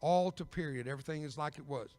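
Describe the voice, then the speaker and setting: An older man preaches a personal testimony from the pulpit. His voice sits a little high, and he tells his story with sudden loud emphasis and dry jokes. The sound carries a long echo from a big church sanctuary. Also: quick pace. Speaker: evangelist.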